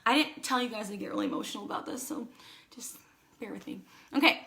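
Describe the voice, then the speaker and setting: A woman in her thirties telling her own story into her phone, chatty and animated, acting out quoted dialogue and fighting back tears. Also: fairly high pitch, fast, gravelly. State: emotional, holding back tears. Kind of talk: casual personal storytelling to a phone camera.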